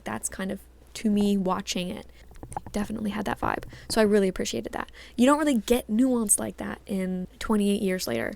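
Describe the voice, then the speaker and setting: Chatty woman with a gravelly voice. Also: medium pitch. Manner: chatty, lots of filler words. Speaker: movie reviewer. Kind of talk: casual video commentary.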